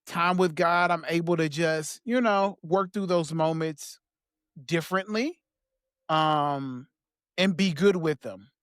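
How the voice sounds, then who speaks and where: A man as a podcast guest, talking in a soft, halting way with small laughs as he reflects on personal memories. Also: a little high, clean tone, no echo, studio quality.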